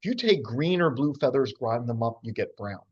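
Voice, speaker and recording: A man's voice: medium pitch, animated, moderate pace, darkish tone, breathy edge. A man from New giving a casual slide lecture on birds, chatty and full of fillers and asides. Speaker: birding lecturer. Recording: dull lo-fi sound.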